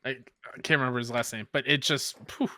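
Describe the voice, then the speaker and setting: A young man co-hosting a casual podcast, gushing with excitement in quick bursts. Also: mid-range voice, dry recording. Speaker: podcast co-host.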